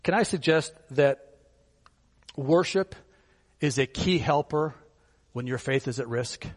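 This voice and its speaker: A man's voice: medium pitch, slow pace, in a large hall. A male pastor preaching a sermon in a conversational way, asking his listeners rhetorical questions and chuckling now and then.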